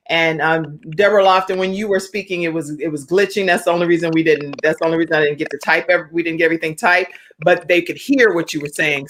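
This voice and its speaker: A woman with a fairly low voice who hosts a live online talk show. She speaks effusively and exclaims often. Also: slight background noise.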